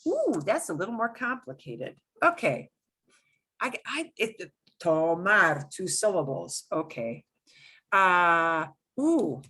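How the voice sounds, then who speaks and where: A middle-aged woman teaching an online lesson, her bright voice slow and patient. She repeats points and leans hard on her examples, pitch swinging up and down as she explains. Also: big pitch swings, husky. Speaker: Spanish teacher.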